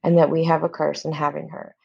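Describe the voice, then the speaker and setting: A woman voicing a furious, domineering father who rants and threatens, low and gravelly. The sound is dull and lo-fi. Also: level tone, fast, exaggerated voice. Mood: angry. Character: angry domineering father, older man.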